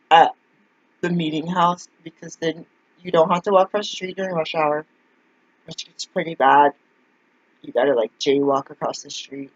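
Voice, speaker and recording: A woman's voice: low voice, no room sound. A woman telling a meandering story in a casual vlog, full of fillers and asides. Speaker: vlogger. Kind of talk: casual rambling monologue. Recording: dull lo-fi dry recording.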